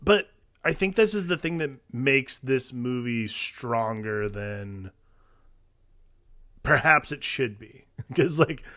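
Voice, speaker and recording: Halting, bright-toned male podcast co-host. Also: mid-range voice, animated, no room sound. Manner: halting, filler-heavy, full of likes and restarts. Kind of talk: casual film discussion.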